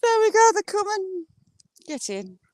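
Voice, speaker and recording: A woman chatting casually on a walk by the water, filming on a handheld phone and cooing at ducks in a high sing-song voice. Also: sing-song, a little slow, no room sound. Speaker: vlogger. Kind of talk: casual walking vlog. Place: outdoors by water.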